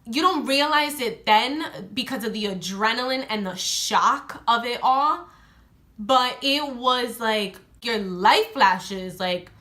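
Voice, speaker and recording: Animated young woman telling a story. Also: on the high side, takes it slowly. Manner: animated, heavy use of "like", acts out friends' lines. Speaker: beauty vlogger. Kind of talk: casual storytime monologue.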